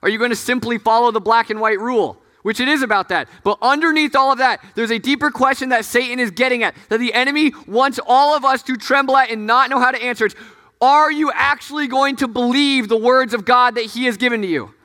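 Earnest pastor preaching in an echoey hall. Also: male voice, very high voice, fairly quick. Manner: earnest, conversational preaching, dropping to hushed tones. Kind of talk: sermon.

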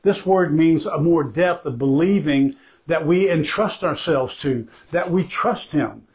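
Husky-voiced man preaching earnestly. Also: a little high, a little slow, a little mellow. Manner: earnest, emphatic, repeats key phrases. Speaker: pastor. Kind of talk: sermon. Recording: dull lo-fi recording.

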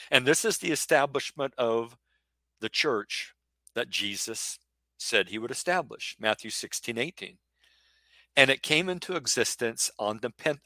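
A man's voice: mid-range voice, bright, forceful tone, no echo. A middle-aged man preaching an emphatic Bible lesson, acting out imagined questions in a rhetorical style. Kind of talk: sermon-style Bible teaching.

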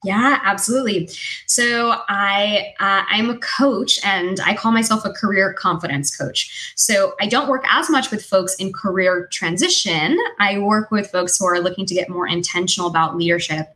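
Woman coach guest, bright clear tone, upbeat explainer on a video call. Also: mid-range voice, normal speed, poor audio. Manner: upbeat, explanatory, laughs often. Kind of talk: casual interview chat.

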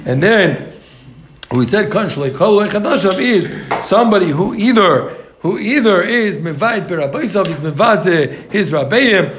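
High-voiced man teaching a Talmud class. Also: animated, fairly bright tone, roomy sound, a little hiss or hum. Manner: joking, quick asides to students. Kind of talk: Gemara class.

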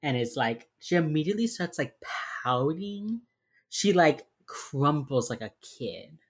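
A woman's voice: sits low, lively intonation, unhurried. A woman co-hosting a casual chat, animatedly acting out lines from a TV show and swearing freely. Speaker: podcast co-host recapping a TV crime drama.

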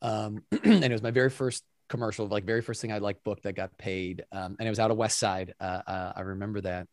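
A man hosting a casual interview, enthusiastic and quick to laugh as he shares his own acting memories. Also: fairly low pitch, fairly even intonation, dry recording, studio quality. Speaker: podcast host, actor.

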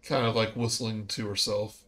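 A man's voice: fairly low pitch, flat delivery, normal speed, fairly bright tone. A man narrating as game master for a tabletop game, talking casually with many fillers and restarts.

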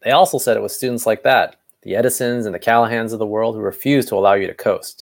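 A man's voice: on the low side, steady tone, fast talker, vocal fry. A man casually reading a fan story aloud, narration and dialogue, with small slips and self-corrections. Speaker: fanfiction co-reader.

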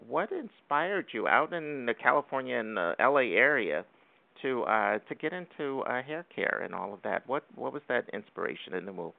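Lively male radio show host. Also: medium pitch, normal speed, gravelly. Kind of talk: radio interview. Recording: tinny phone-like audio.

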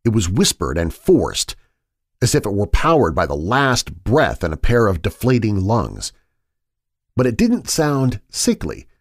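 Low-voiced man narrating a horror tale. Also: huge pitch swings, no room sound, studio quality. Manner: measured, suspenseful storytelling. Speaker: horror podcast host and narrator. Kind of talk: scripted horror story narration.

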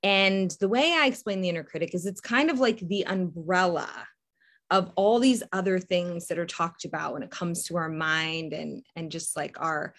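A woman's voice: lowish voice, moderate pace, a bit bright. A woman hosting a faith-based podcast in a casual, rambling way, full of restarts and small laughs. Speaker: podcast host and faith coach. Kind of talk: casual solo podcast talk.

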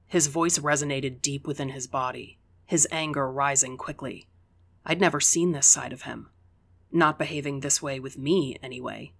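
Even, unhurried first-person audiobook reader. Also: medium pitch, vocal fry. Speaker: audiobook narrator.

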